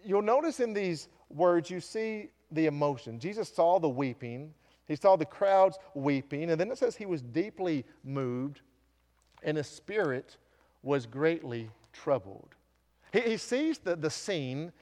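A pastor in full sermon, his man's voice sitting a little high and earnest as he puts question after question to the congregation. His words ring out with a long reverb through the church hall. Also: expressive, a little slow, a little mellow. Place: church sanctuary.

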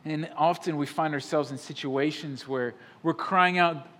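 Emphatic pastor, loud then hushed. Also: male voice, fairly high pitch, unhurried. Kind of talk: sermon. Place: church sanctuary.

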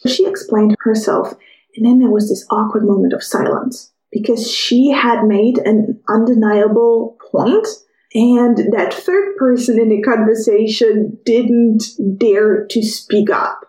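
Higher-pitched woman telling a story. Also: unhurried, echoey room, poor audio. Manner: lively storyteller, acts out overheard quotes. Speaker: podcast host. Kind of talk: personal storytelling podcast.

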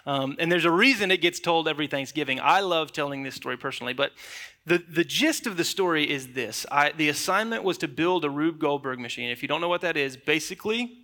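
A young male pastor with a bright, ringing, slightly high voice, preaching in church. He talks in an animated, conversational storytelling way, easy and direct with the congregation. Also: brisk. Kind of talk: sermon.

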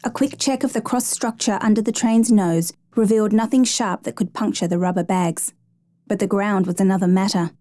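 A woman reading a true rescue story aloud in steady, measured scripted narration, lightly voicing the quoted lines. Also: medium pitch, no echo, clean studio sound.

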